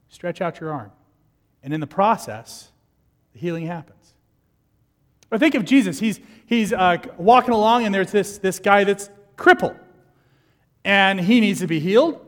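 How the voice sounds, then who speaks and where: A man preaching a sermon as pastor, lively and animated, acting out the people in his stories. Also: sits high, moderate pace, long pauses, in a large hall.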